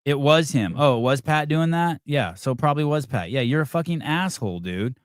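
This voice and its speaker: A man's voice: a little high, animated, brisk, no room sound, studio quality. A man hosting a livestream podcast, swearing heavily and mocking a caller in a combative rant. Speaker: podcast host. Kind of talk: heated livestream chat.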